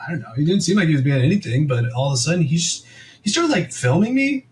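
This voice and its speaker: A man's voice: fairly high pitch, big pitch swings, fast, a little mellow, poor audio. A young man co-hosting a podcast, telling a story in a rambling, casual way full of "like" and quoted asides. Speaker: podcast co-host.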